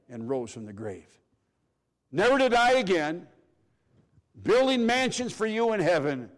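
A middle-aged man preaches a sermon emphatically, swinging between loud declarations and hushed, low phrases.

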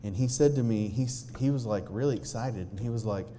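A man's voice: lowish voice, warm tone, a little hiss or hum. Earnest man telling a personal story. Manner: earnest, halting with restarts, occasional laughs. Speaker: speaker sharing a personal testimony. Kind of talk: storytelling testimony to an audience.

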